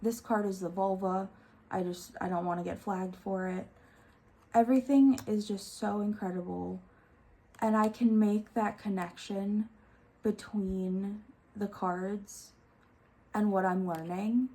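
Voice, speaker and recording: A young woman hosts her tarot vlog in a relaxed, unhurried way. Her voice is mellow and soft-edged, and she gushes with open enthusiasm, at medium pitch. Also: poor audio. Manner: gushing, enthusiastic. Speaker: tarot vlogger. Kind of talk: casual chat.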